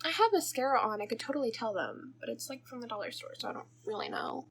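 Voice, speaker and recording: A woman's voice: a little high, animated, fast talker, few pauses, a little hiss or hum. A young woman chatting through a makeup tutorial, rambling off topic and giggling as she goes. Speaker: makeup vlogger. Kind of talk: casual makeup tutorial chat.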